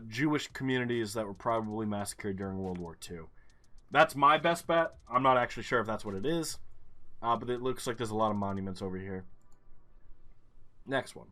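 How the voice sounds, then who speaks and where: A man's voice: medium pitch, normal speed, pauses often, fairly bright tone. A man commentating his own gameplay, thinking aloud, swearing and getting frustrated.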